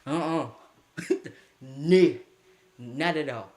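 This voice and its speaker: A young man tells a story in a loose, slangy way. He talks slowly and lets his words drag. He is animated and keeps slipping in laughing asides. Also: on the high side. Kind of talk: casual storytime.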